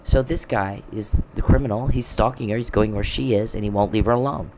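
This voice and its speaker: Bitter, confrontational low-voiced man. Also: a little fast. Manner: bitter, confrontational, speaks straight at an absent foe. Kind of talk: ranting monologue. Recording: steady background noise.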